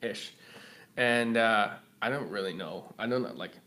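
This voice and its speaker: A young man from Hawaii, a film producer and podcast guest, chatting casually as a lively storyteller who laughs often. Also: on the low side, unhurried.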